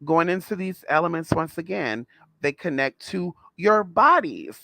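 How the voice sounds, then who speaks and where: A man's voice: fairly high pitch, expressive, a little slow, gravelly, sharp tone, no echo. A man telling a story to his viewers in a sassy, blunt, casual way, calling them girl and honey. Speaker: spiritual vlogger.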